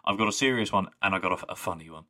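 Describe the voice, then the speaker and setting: A man with a very low voice co-hosts a podcast in casual chat. He rambles enthusiastically and scatters "like" through his sentences. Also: racing, bright, forceful tone. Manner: rambling, enthusiastic, full of "like" fillers. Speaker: podcast co-host.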